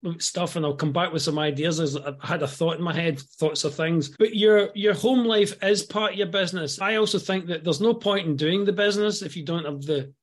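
A man's voice: fairly high pitch, brisk, few pauses. A Scottish man in his fifties, a guest entrepreneur on a podcast, speaking earnestly and often repeating words as he starts a thought. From Scotland. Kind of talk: podcast interview.

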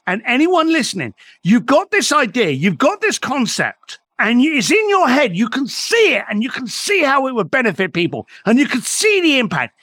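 A middle-aged man appears as a podcast guest, telling motivational stories emphatically and swearing freely. His voice is high-pitched and fairly bright, captured in clean studio sound with no room tone.

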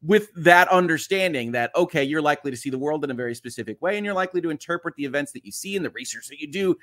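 A man's voice: on the high side, lively intonation, rapid-fire, a bit bright. Upbeat chatty male stream host. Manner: upbeat and chatty, laughing often. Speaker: livestream host and lawyer. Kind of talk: casual live-stream chat, reading viewer comments.

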